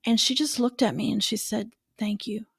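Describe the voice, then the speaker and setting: Young woman, podcast co-host, candid storyteller, fairly high voice, dry close mic. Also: steady tone, normal speed, creaky, husky, no echo. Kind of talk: casual faith podcast chat.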